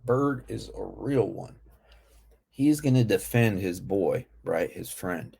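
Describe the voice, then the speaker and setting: A man hosting a reaction video, talking in a slow, playful, slangy way. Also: lowish voice, animated, vocal fry, a little mellow, slightly rough. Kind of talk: casual reaction commentary.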